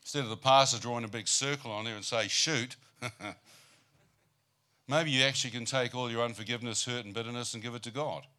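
A man preaching a storytelling sermon, his voice bright and forceful. He keeps throwing rhetorical questions at the congregation and slips dry jokes into his testimony. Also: mid-range voice, steady tone, fairly quick. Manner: humorous, asks the crowd rhetorical "how many know" questions.

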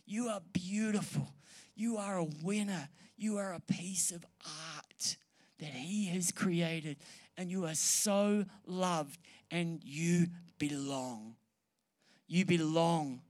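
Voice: mid-range voice, slow, darkish tone. Preacher mid-sermon before a live room; earnest, repetitive for emphasis, light humor with the crowd. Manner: earnest, repeats key phrases for emphasis. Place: church hall or meeting room with an audience.

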